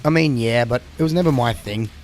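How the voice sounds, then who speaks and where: A man's voice: medium pitch, a little fast, slight background noise, poor audio. A young man co-hosting a casual gaming chat, blunt and dryly teasing. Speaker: co-host of a gaming show.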